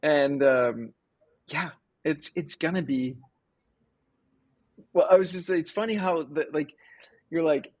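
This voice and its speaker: A man with a slightly husky voice, pitched a bit high for a man, hosting a live call-in coaching chat. He talks casually and animatedly, acting out the voices in the stories he tells. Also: slow, pauses often, no room sound. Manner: animated storyteller, acts out quoted voices. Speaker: host and business coach.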